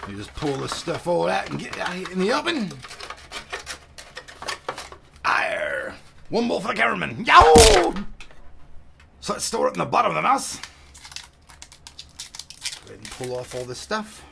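A man doing a gruff pirate voice in a playful way while unboxing a product, with sound effects between his words. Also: fairly high pitch, very animated, brisk, long pauses, background noise, full character voice.

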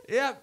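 With a very high-pitched voice, a middle-aged pastor offers a conversational church lesson. He tells lively stories, laughs softly, and keeps restarting what he says.

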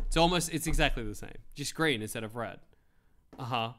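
A man's voice: medium pitch, brisk, a bit bright, a little hiss or hum. A man streaming casual commentary, reading how-to articles aloud with wry, rambling asides and replies to his chat.

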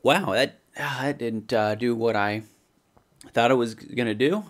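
A sarcastic young comedy vlog host mocks a product in a crude, frequently profane review, lurching between loud outbursts and muttered asides. His voice is medium in pitch with a measured pace.

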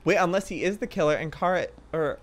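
A man's voice: on the high side, fast. A man in his thirties, chattering to himself while playing an online game. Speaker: gaming video host. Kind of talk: casual gameplay commentary.

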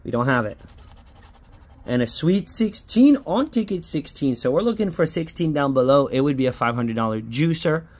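A man's voice: fairly high pitch, lively intonation, normal speed, a little mellow. A man giving casual running commentary as he scratches lottery tickets, chatty and hopeful, pleading with each ticket to hit.

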